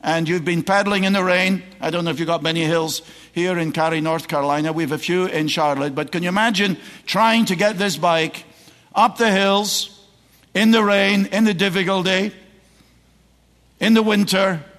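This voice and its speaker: A man's voice: high voice, fairly even intonation, normal speed. Scottish man preaching in a big church hall. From Scotland. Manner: warm, conversational with joking asides, rising to emphatic preaching. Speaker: guest preacher. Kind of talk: sermon. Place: large church sanctuary. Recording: long church hall reverb.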